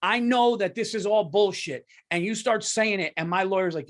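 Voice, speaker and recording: A middle-aged man hosting a comedy podcast, telling stories in an animated, profane rant. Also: sits high, a little fast, hardly any pauses. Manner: profane, heated, ranting.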